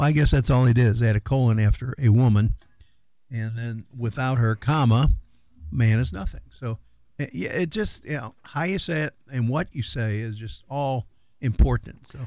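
A man's voice: mid-range voice, moderate pace, warm tone, no echo. A man co-hosting a casual radio chat, rambling with fillers and restarts. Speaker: radio co-host.

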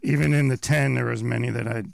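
A middle-aged man co-hosting a radio show, joking with quick quips in casual chat. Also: mid-range voice, steady tone, creaky. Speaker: radio co-host.

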